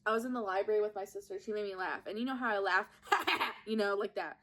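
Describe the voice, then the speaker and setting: Racing along at a medium pitch with a bit of brightness, a young woman podcast host does her makeup at home and talks into a propped phone camera. She's chatty and giggly, poking fun at herself as she tells stories.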